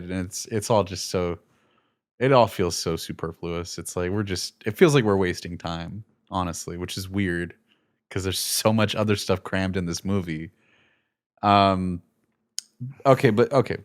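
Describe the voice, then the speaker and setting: A man chatting casually as a film reviewer, animated and jokey, slipping into quick impressions of characters. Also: deep voice. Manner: animated, jokey, slips into quoted character voices. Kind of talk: casual movie review chat.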